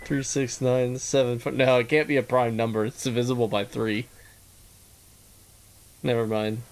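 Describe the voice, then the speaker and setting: A man streaming a game and chatting casually with his viewers, laughing often and thinking out loud. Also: medium pitch, flat delivery, normal speed. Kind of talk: casual gaming stream chat.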